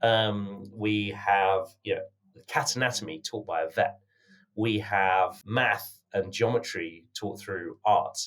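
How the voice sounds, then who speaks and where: Low-voiced British man, earnest guest. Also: fairly bright tone. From United Kingdom. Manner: measured and earnest, many "you know" fillers. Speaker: podcast guest, company founder. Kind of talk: conversational interview answers.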